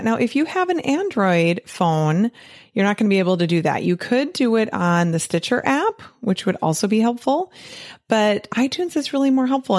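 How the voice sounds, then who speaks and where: A woman's voice: mid-range voice, a little mellow, no echo, clean studio sound. A middle-aged woman hosting her own podcast, talking casually and animatedly, pleading playfully with her listeners. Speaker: podcast host and physician coach. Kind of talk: casual solo podcast talk.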